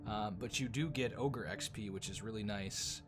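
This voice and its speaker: A man running a tabletop game as dungeon master, talking casually and haltingly with frequent ums. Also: lowish voice, music in the background. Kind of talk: tabletop game session chat.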